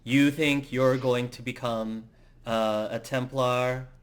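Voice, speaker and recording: A man voicing a stern, irritable young female mage in a tabletop role-play, talking in a sharp, clipped, demanding way. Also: mid-range voice, fairly even intonation, slow, clear, resonant tone, lightly acted. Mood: furious.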